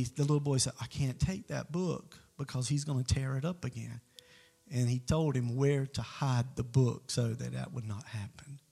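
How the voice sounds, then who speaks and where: A man's voice: mid-range voice, mellow. A man preaching in an earnest, conversational way, telling a story as part of a sermon.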